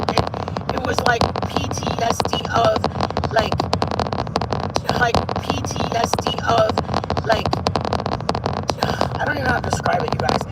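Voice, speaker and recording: A woman telling a story in casual live-stream chat, animated and rambling, exclaiming often. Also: high-pitched, low-quality recording. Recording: loud car noise behind voice.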